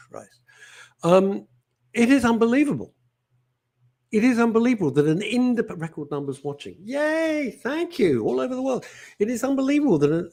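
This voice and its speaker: Man, host, reading viewer comments, animated rant, lively swinging pitch, slightly high voice. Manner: animated and ranting, jumping between topics.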